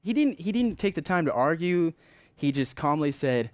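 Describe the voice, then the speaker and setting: A man's voice: a little high, very animated, normal speed, no room sound. A man preaching a sermon in an earnest, conversational way, stressing points with rising emphasis.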